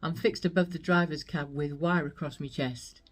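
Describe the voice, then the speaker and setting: A woman's voice: sits low, steady tone, moderate pace. A woman reciting a comic poem as a grimy, battered doll on a rubbish lorry, in a sing-song rhythm. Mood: wistful.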